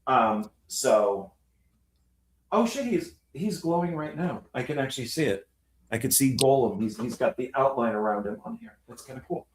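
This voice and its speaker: A man co-hosting a casual film discussion, talking in an animated way, swearing freely and laughing often. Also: mid-range voice, moderate pace. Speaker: film podcast co-host.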